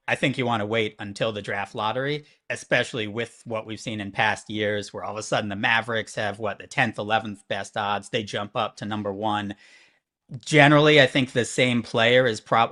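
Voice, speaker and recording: A man with a lowish voice works through sports betting odds on a live sports show. He explains at length and thinks aloud as he goes, checking in with the listener over and over. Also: a bit bright. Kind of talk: conversational analysis.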